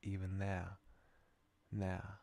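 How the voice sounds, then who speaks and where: Man doing a hushed Cockney schoolboy. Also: low voice, completely flat delivery, drawn-out words, creaky, full character voice. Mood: sly. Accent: put-on Cockney.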